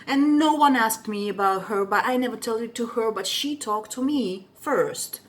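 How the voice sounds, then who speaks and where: A young woman whose first language is Russian, telling a story in an indignant, expressive rant and swearing freely. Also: a little high, moderate pace. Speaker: vlogger.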